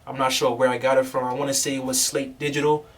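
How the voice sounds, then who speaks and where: A man's voice: mid-range voice, little pitch movement, fast, recorded from a distance, slight background noise. A man, a music producer, casually walking through a tutorial on his screen, loose and chatty with fillers. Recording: voice a bit off-mic over music.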